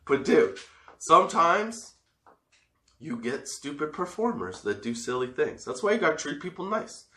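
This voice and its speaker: A man's voice: a little high, very animated, moderate pace, sharp tone. A man telling a story in a casual, profane way, laughing often and re-enacting scenes. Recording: echoey room.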